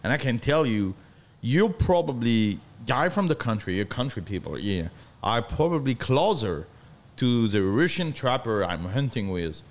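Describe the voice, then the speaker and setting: A man from northern France with a French accent, talking as a guest in halting English full of restarts. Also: mid-range voice, very animated. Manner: halting non-native English, frequent restarts, earnest. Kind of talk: casual chat.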